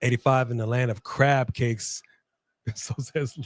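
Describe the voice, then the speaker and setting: Easygoing guy on a live stream reading off chat shout-outs, middle pitch, dry close sound. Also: steady tone, a little slow, dry recording. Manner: loose, joking, reads out viewer comments and shout-outs. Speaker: co-host of a live wrestling watch-along stream.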